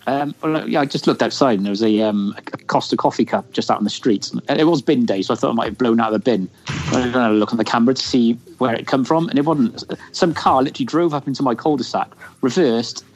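Brief: male podcast co-host, quick talker, matter-of-fact storyteller. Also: mid-range voice. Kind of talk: casual chat.

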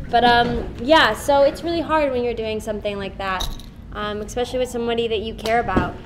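A young actress chatting and giggling through a convention panel Q&A, with lots of fillers. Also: female voice, on the high side, fast talker, noisy background. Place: convention hall.

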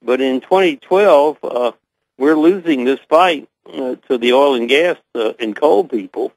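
An older man with a Southern US accent, a guest answering interview questions slowly, with many pauses and fillers. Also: medium pitch, expressive, dry recording, rough recording. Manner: hesitant, many uh fillers, measured.

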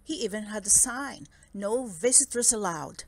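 A woman reading a children's picture book aloud in a slow, expressive storytelling manner. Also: medium pitch, dry recording.

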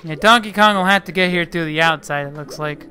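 A man talks through a video game in a loose, chatty way, scolding the characters on screen and cursing mildly when things go wrong. His voice has a bright, forward edge, with faint game music underneath. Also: fairly high pitch, a little fast. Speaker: gameplay commentator. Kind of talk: casual let's-play commentary.

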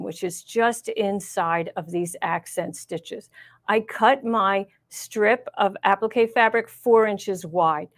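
During a live machine embroidery demo, a middle-aged woman with a medium-pitched voice talks through what she's doing. Her tone stays chatty and reassuring as she teaches.

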